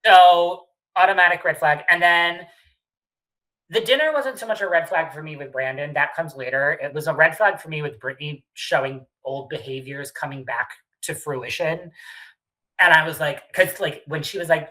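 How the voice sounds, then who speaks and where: A woman co-hosting a casual podcast, recapping a reality show bluntly, swearing freely and tossing in animated asides. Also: deep voice, normal speed, poor audio. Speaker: podcast co-host.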